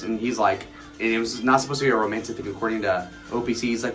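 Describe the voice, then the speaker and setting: Man, 20s, late-night streamer, casual, rambling, profane, mocking, lowish voice. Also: fairly even intonation, racing, fairly bright tone, faint music behind. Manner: reads and answers chat messages aloud. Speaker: livestreamer.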